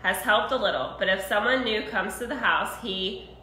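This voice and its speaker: A woman's voice: mid-range voice, moderate pace, pushed and bright. A woman co-host reading viewer questions about dogs aloud. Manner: reads listener questions plainly. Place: dog boarding facility room. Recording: echoey room, faint noise.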